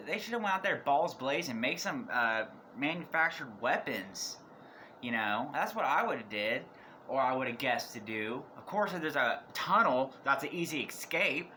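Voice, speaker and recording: A man casually reviewing movies for a vlog, talking in a rambling way that keeps restarting sentences, his voice going hoarse. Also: medium pitch, big pitch swings, moderate pace, sharp tone, a little hiss or hum. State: losing his voice.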